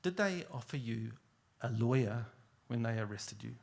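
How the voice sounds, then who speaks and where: A man voicing a deliberate defence lawyer questioning witnesses in court. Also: mid-range voice, lively intonation, creaky, darkish tone, voice pushed down. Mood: measured. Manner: measured, questioning, repetitive.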